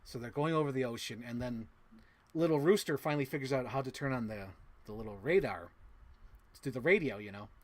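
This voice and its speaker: A man hosting a podcast, excitedly retelling a movie plot to his co-host, swearing often and humming sound effects. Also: medium pitch, a little fast, no room sound. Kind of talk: animated movie recap to a co-host.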